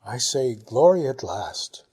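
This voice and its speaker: A man voicing a husky, gushing older Englishwoman. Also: mid-range voice, very animated, warm tone, full character voice. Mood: reminiscing. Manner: brisk, upper-class gushing exclamations. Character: genteel older Englishwoman, chatty and fond of the past. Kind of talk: audiobook reading.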